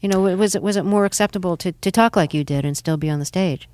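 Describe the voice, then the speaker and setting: A woman's voice: fairly low pitch, fast, a little mellow, no room sound. Inquisitive interviewer woman, dry sound. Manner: inquisitive, conversational. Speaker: interview host. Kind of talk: radio interview.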